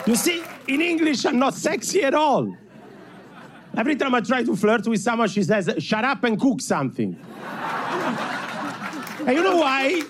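A man from Italy with a strong Italian accent, performing an animated, self-mocking stand-up comedy set on stage before a live audience. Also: extremely high pitch, moderate pace, a crowd in the background, background noise.

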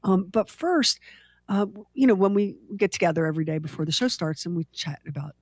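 A woman's voice: lowish voice, lively intonation, fairly quick, a little mellow, no echo, studio quality. A woman co-hosting a morning radio show, chatting casually and joking with her co-host, laughing easily.

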